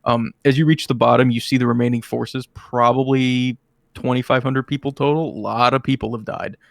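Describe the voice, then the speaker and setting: A man's voice: mid-range voice, fairly even intonation, moderate pace, vocal fry, no room sound, studio quality. A man narrating as game master of a tabletop game, rambling with many fillers and restarts.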